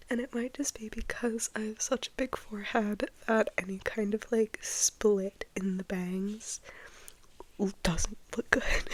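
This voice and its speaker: Congested young woman whispering ASMR chat. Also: mid-range voice. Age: young adult. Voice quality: breathy whisper. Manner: rambling, giggly, self-deprecating. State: congested from a cold. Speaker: ASMR creator.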